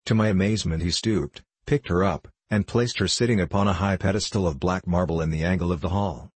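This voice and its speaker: A man narrates an audiobook in a measured, storytelling way. His voice is very low and husky. The recording is dry and close, with no room sound. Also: no room sound.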